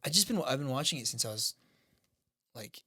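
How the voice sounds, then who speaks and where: Excitable, foul-mouthed male co-host. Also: mid-range voice, fairly quick, breathy edge. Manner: excitable, swears a lot. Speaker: podcast co-host. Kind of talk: casual podcast chat.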